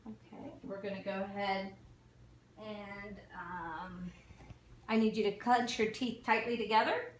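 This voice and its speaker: A woman calmly talking a patient through a cranial nerve exam, step by step, with small fillers. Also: medium pitch, unhurried, slight background noise. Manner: calm step-by-step instructions with fillers. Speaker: nursing student doing an exam demo. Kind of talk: instructional clinical demonstration. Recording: echoey room from far off.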